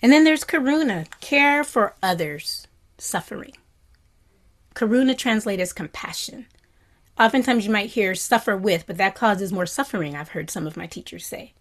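Gentle woman giving a dharma talk. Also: medium pitch, normal speed. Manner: gentle, reflective, often drops to a soft whisper; animated bursts of delight. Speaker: meditation teacher.

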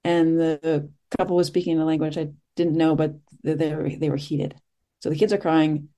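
Middle-aged meditation teacher, warm mellow tone, soft-spoken, gentle, reflective, unhurried pauses. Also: medium pitch, steady tone. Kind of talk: reflective dharma talk after a sit.

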